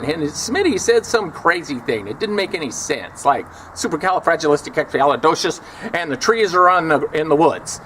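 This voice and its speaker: Storyteller, male: sardonic ex-guard recounting a tale, lively pitch, fairly high voice. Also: fairly quick, slight background noise. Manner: wry, scornful, acts out the people he quotes. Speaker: former prison officer telling stories. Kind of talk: casual storytelling.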